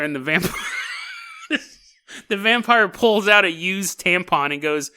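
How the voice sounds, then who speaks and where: A man's voice: high-pitched, measured pace, pauses often, sharp tone, clean tone, raised voice. A man hosting a podcast in a casual comedic monologue, wry and often laughing mid-sentence. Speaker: podcast host.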